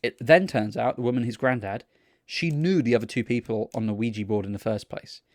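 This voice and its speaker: A young Englishman tells a story on his podcast, swearing freely and breaking into mocking impressions. His voice sits in a middle pitch. The recording is close and dry, with no room sound. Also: fairly quick, no echo. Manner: sweary, animated storyteller mimicking people. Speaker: podcast co-host. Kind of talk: casual storytelling chat.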